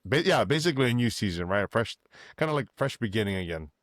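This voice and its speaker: Low-voiced man co-hosting a podcast. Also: sing-song, quick pace, dry recording, studio quality. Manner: easygoing, filler-heavy, hypes the wrestlers. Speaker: podcast co-host. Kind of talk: casual wrestling chat.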